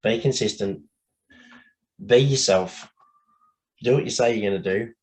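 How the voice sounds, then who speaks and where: An Australian man speaking candidly as a guest on a casual podcast, blokey and quick to laugh, swearing now and then. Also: fairly low pitch, a little mellow, low-quality recording.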